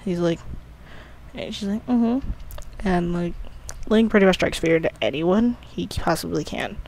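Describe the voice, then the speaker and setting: Rambling creator with a gravelly fry. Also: medium pitch, normal speed, a little mellow. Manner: rambling, often restarts and corrects itself. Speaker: creator of an audio drama series giving commentary. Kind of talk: casual rambling commentary.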